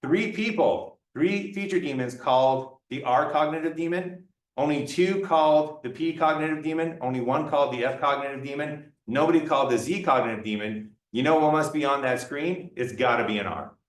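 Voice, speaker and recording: A man voicing a confident male demon who reasons aloud deliberately, heard from afar in a roomy room. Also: fairly high pitch, a little hiss or hum, close to an everyday voice. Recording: roomy lecture room, mic far off.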